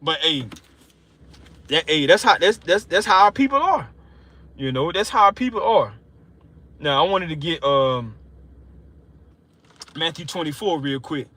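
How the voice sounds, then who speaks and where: A man preaching an informal sermon, fervent and emotional, repeating himself and slowing down to read scripture aloud. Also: a little high, sing-song, bright, forceful tone, breathy edge. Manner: emotional, fervent, repetitive, slows down reading scripture. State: excited and sweating.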